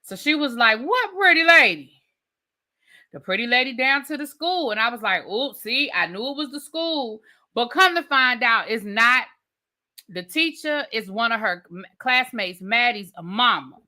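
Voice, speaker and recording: A woman's voice: a little high, normal speed. A woman hosting a casual live TV review, recapping scenes with chatty asides to her viewers. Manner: chatty, animated storytelling with frequent asides to viewers. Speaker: TV review host.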